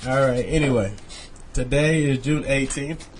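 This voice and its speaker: A man's voice: mid-range voice, normal speed. Male host, mid-range voice, easygoing, teasing, faint background noise. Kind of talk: casual radio show banter.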